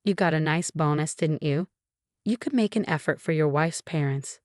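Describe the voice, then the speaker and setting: A woman voicing a demanding, self-pitying older mother-in-law, coaxing and indignant by turns, in a low, dry reading voice. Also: normal speed, no echo, lightly acted. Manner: wheedling, then indignant.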